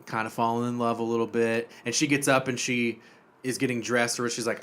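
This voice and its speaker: A man co-hosting a podcast in casual chat, recapping a show with profanity and animated storytelling. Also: mid-range voice, brisk. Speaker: podcast co-host.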